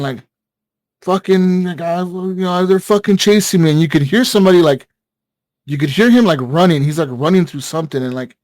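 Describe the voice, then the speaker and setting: A fairly high but dark-toned male voice, captured in a dry recording, belongs to a gaming podcast co-host. He meanders through a long story casually, cursing and leaning on filler words.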